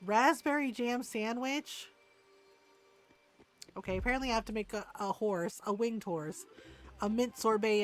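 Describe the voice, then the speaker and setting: Woman streamer rambling while she plays, lots of ums, quiet game music behind. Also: a little high, a little slow, pauses often. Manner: chatty, rambling, trails off into ums. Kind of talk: casual chat while playing.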